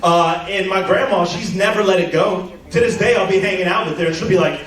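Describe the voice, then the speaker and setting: Loud, high-voiced man doing stand-up. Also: fairly quick, hardly any pauses. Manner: loud, animated, shouting punchlines. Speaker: stand-up comedian. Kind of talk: stand-up comedy set. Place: theater stage. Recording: echoey theater stage from far off, crowd noise.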